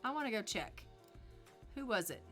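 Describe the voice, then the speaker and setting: A woman's voice: a little high, lively intonation, moderate pace, a bit bright, faint music behind. A woman streaming a life-sim game, chatting casually with her viewers and her sims.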